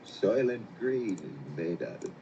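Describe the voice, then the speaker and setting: An actor playing a desperate man who insistently shouts a warning, heard as a played film clip. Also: deep voice, very animated, unhurried, lo-fi sound, background noise, heavily acted. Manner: insistent, urgent.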